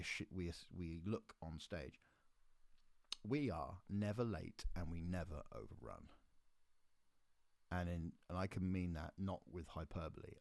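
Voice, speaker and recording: A man hosting his own podcast, telling a tour anecdote in a casual, animated way and acting out the people he quotes. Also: sits low, no echo, studio quality. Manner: animated teller, acts out quoted voices. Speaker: podcast host and musician.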